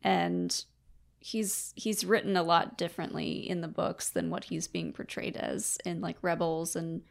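Woman, podcast co-host, gravelly voice, reads listener questions, relaxed. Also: lowish voice, unhurried. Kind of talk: casual fan podcast chat.

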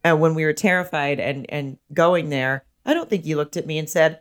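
A woman's voice: low voice, animated, moderate pace. A woman comedian co-hosting a podcast, chatting casually in a blunt, profane, chatty way. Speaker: podcast co-host. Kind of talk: casual chat.

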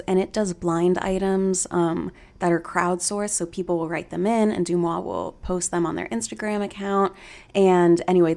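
Woman, podcast host, slightly low pitch, chatty, gossipy, casual swearing. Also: creaky, a little mellow.

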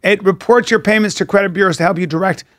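A man co-hosting a podcast, chatting casually with quick reactions and sometimes reading ad copy. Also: high-pitched, a bit bright, no echo, clean studio sound. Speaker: podcast co-host. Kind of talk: casual chat.

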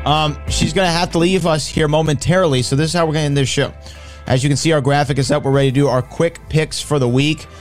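A man's voice: fairly high pitch, fairly even intonation, quick pace, faint music behind. A man hosting a show, talking in a loose, chatty way with filler ums. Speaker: show host.

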